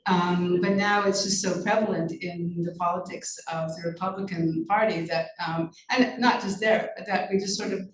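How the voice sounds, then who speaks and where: A woman's voice: lowish voice, fairly even intonation, normal speed, few pauses. A woman author answers interview questions with earnest intensity, breaking off and restarting her thoughts. Her voice carries a roomy echo. She sounds a little distant from the microphone. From Canada. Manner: earnest, many restarts and fillers. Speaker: author and journalist guest. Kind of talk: conversational interview.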